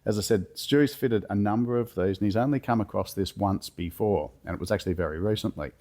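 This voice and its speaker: A man with a cold and a hoarse voice, talking through a car chassis rebuild step by step in a relaxed, plain-spoken way from his home garage. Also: fairly low pitch, a little fast. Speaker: workshop builder demonstrating a chassis rebuild. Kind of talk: casual step-by-step how-to explanation.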